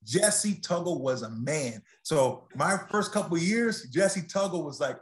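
A man, a former football player, chatting as a podcast guest in a lively, exclaiming way. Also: fairly high pitch. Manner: lively, animated storyteller, quick to exclaim. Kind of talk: casual interview chat.

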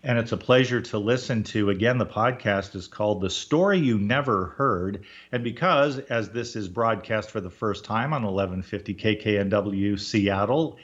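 A man's voice: lowish voice, fairly bright tone, muffled recording. A male radio host interviewing a guest, full of praise and speaking in formal wording.

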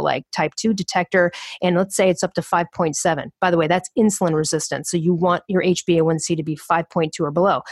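Emphatic woman guest with a slightly low voice, close and dry sound, acts out quoted voices. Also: no echo. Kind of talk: animated interview conversation.

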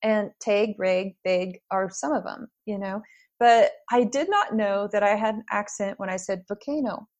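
A middle-aged woman being interviewed as an author, chatting in a lively, storytelling way and laughing often. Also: medium pitch, normal speed. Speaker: guest author. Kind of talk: casual interview chat.

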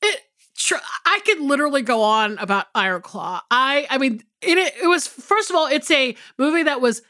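A woman co-hosting a casual chat show. Her high voice sounds bright and forward, and she rambles from one thought to the next with plenty of "like" and "I mean." She swears easily. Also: moderate pace. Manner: rambling, animated, swears freely, many fillers. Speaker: podcast co-host.

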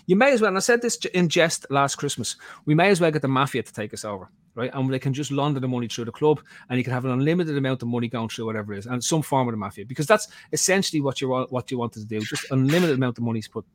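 A man's voice: medium pitch, no echo. A man hosting a football podcast, opinionated and rambling, tagging points with "right?". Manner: rambling, repeats "right?", many restarts. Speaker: podcast host.

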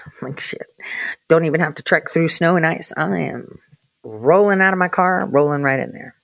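A woman with a lowish voice tells a personal story in a chatty, cursing way. She slips into whispered asides now and then, and the recording is close and dry, with no room sound. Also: normal speed, vocal fry, dry recording. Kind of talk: casual anecdote.

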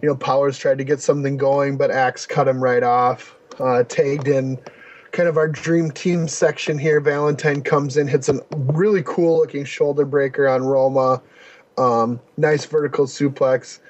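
A man's voice: medium pitch, steady tone, moderate pace, slight background noise. Enthusiastic man chatting, slightly lo-fi. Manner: enthusiastic, rambling with fillers and laughs. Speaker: podcast co-host. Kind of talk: casual chat reviewing a wrestling event.

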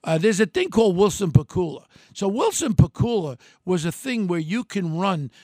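A man's voice: high voice, big pitch swings, moderate pace, a little mellow, no room sound, studio quality. An older man tells a story in a blunt, combative way and quotes people in changing voices. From New York City. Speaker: former mayoral candidate telling a story. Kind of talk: animated storytelling monologue.

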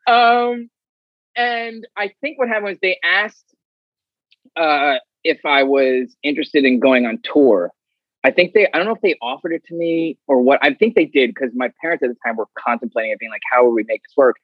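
A man, a guest, telling stories in a casual, animated way and acting out other people's lines. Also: on the high side, normal speed, no room sound. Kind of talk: casual storytelling. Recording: dull, slightly muffled audio.

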